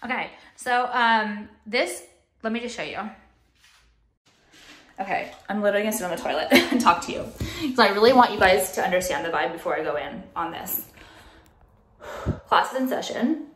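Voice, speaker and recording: A young woman vlogging casually at home on a phone camera, swearing often and talking in quick, restarting bursts full of "like". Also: mid-range voice, expressive, fairly bright tone, a little hiss or hum. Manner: chatty, profane, full of "like" and restarts. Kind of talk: casual vlog chat. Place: at home, walking through rooms.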